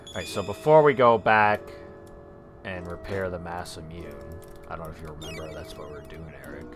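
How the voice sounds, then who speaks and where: A man's voice: deep voice, fairly quick, soft background music. A man co-hosting a let's play, chatting casually and swearing now and then as he plays. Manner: laid-back, drawling, swears casually. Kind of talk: casual gameplay chat.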